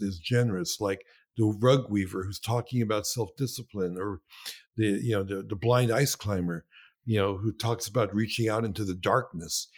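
Man, lowish voice, casual talk, lively storyteller who acts out what people said. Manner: animated, acts out quotes. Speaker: filmmaker. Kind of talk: casual conversation.

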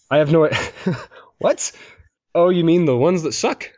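A man's voice: fairly high pitch, measured pace, darkish tone, dry recording. A man hosting a casual podcast, rambling and laughing as he reads listener mail. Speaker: podcast host. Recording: dull lo-fi podcast mic.

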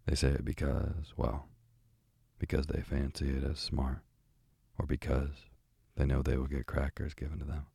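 A man voicing a talkative old female parrot in a calm, slow bedtime story reading. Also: a bass voice, creaky, slightly rough, no room sound, heavily acted. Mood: chatty.

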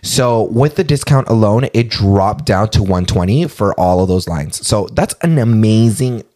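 A man's voice: fairly low pitch, expressive, measured pace, warm tone. A man co-hosting a podcast, telling a heated story in casual chat, swearing freely and acting out both sides of an argument. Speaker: podcast co-host.

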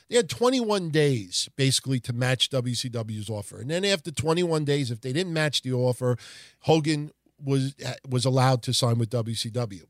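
A man hosting a casual wrestling history podcast, rambling through old results in a profane, animated way. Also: mid-range voice, dry recording, studio quality. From Italian heritage. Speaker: podcast host.

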